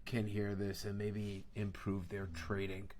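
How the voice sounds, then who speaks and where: A man's voice: lowish voice, completely flat delivery, measured pace, a little mellow. A man hosting a live trading video call, talking brash and profane and joking a lot. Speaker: crypto trading host.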